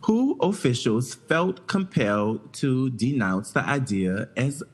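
Male podcast co-host, unhurried delivery, stumbling news reader. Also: mid-range voice, big pitch swings, slightly rough. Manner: slow halting reading with restarts and laughs. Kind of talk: casual chat, reading news aloud.

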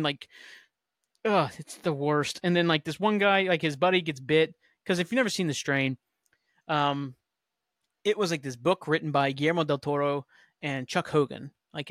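A man's voice: a little high, a bit bright, dry recording, studio quality. A man hosting a podcast, ranting casually with lots of swearing and filler words. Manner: profane, ranting, heavy use of "like". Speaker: podcast host.

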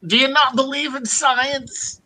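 A man's voice: steady tone, sharp tone, exaggerated voice, low-quality recording. A man putting on the voice of a rambling, boastful elderly male politician while reading a comic aloud. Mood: wheedling. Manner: high, wavering, drawn-out delivery. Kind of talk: comic impression read aloud.

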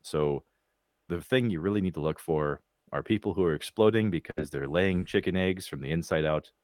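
A man's voice: low voice, moderate pace, darkish tone, no room sound, studio quality. A man co-hosting a casual movie podcast, giving a wry, sarcastic review. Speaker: podcast co-host. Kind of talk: casual chat about movies.

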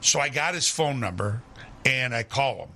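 A man's voice: mid-range voice, moderate pace. An older man, an entertainer, telling stories in casual chat and acting out the quotes in changing voices. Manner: animated, acts out quotes in other voices. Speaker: entertainer and impressionist.

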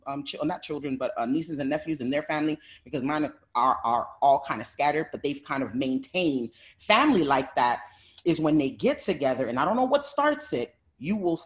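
A woman guest on a video call, telling family stories in a heated, fiery way and swearing often. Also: deep voice. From Haitian heritage. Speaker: panel guest. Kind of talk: heated personal testimony.

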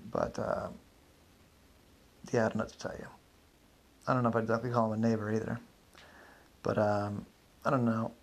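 Worn-out forties neighbor guy, rambles and trails off, rough husky voice, as a storyteller puts him on. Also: mid-range voice. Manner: rambling, hesitant, many fillers. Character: neighbor man in his forties, weary, evasive.

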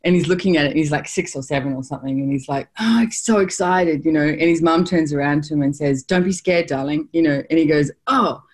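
A woman's voice: low-pitched, quick pace, hardly any pauses. An Australian woman hosting a podcast, chatting casually and telling stories with acted-out quotes. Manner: animated storyteller, laughs often, acts out quotes. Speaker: podcast host. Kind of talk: casual conversational interview.

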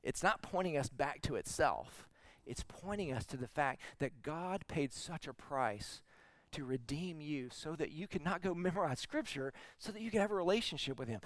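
A man preaching a sermon as teaching pastor, telling stories conversationally and moving between quiet, soft passages and emphatic points. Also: a little high, expressive, normal speed, dry recording.

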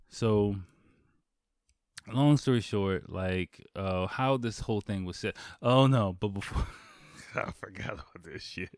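A man's voice: on the low side, a little slow, no room sound, clean studio sound. A man hosting a podcast, telling a long story in a casual, rambling way, swearing freely and full of fillers and restarts. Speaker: podcast host.

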